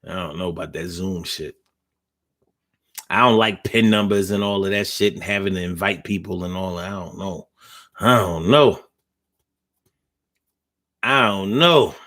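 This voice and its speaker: A man hosts a casual livestream, reading viewer comments while ranting in blunt, profane, slangy street talk with a preachy edge. His voice is low-pitched and a bit bright, and he speaks unhurriedly with long pauses.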